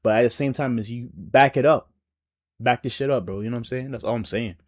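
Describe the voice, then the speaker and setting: A man's voice: mid-range voice, quick pace, a little mellow, slight background noise. Male reaction host, casual rambling delivery, slangy and loose. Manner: laid-back slang-heavy rambling with lots of "bro". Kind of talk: casual chat.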